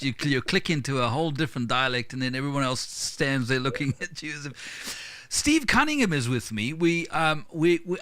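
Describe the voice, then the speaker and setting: A man with a South African accent, hosting a casual chat interview, chatty with quick restarts. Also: medium pitch, sharp tone, no echo. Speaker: host.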